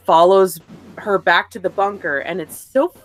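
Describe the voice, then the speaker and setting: A woman's voice: medium pitch, a little slow. Ranting, profane woman on a video call. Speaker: guest reviewer. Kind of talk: casual live stream chat.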